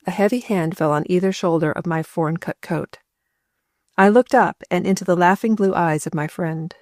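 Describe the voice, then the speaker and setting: A woman narrates a first-person novel as an audiobook, reading in a steady, measured way. Her voice is on the low side, recorded on a close microphone with no echo.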